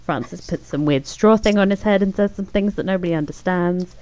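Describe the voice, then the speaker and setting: A woman co-hosts a podcast episode recap, chatting casually, laughing a lot, and acting out characters' lines. Her voice is fairly low, a bit mellow, and fairly quick, captured in dull lo-fi sound with faint noise.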